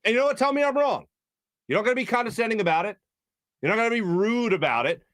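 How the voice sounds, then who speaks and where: A sports talk host with a high voice delivers a heated, exasperated rant. He keeps slipping into mocking imitations of other people. The sound is dry and close, with no room around it. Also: lively intonation, fast, fairly bright tone, dry recording.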